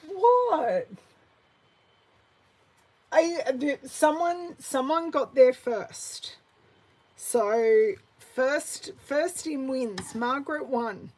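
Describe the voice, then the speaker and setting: Speaking very slowly in a voice that sits high, an Australian woman in her forties leads a live card-making class as a craft demonstrator, and the audio is poor. She chats, replies to viewers by name, and murmurs quietly to herself while working.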